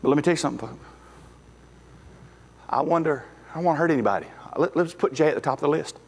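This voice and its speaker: Folksy pastor preaching in a hall. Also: male voice, a little high, fast, husky. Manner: folksy, emphatic, rising to shouts at climaxes. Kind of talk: sermon. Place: church sanctuary. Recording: echoey hall with faint music.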